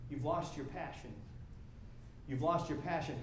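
A man preaches a sermon in a conversational, animated way, his voice sitting fairly high. He repeats words as he builds momentum. The church hall rings with echo over a faint low rumble. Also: a little slow. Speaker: pastor. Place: church sanctuary.

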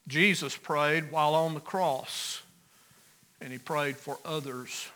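A pastor preaching a sermon, earnest, rising loud on key phrases and dropping soft. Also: male voice, fairly high pitch, fairly even intonation, slow pace.

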